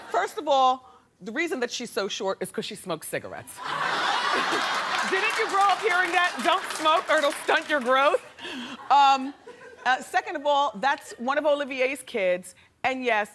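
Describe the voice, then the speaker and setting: A woman hosting a talk show, delivering an animated, sassy gossip monologue to a studio audience. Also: high voice. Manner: animated, chatty and sassy, laughing often. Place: television studio with a live audience. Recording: studio with audience noise behind.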